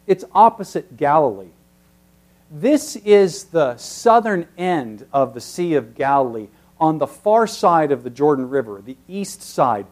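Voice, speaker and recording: A man preaching an expository sermon, teacherly, with emphatic peaks that drop to very soft passages. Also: on the high side, sing-song, measured pace.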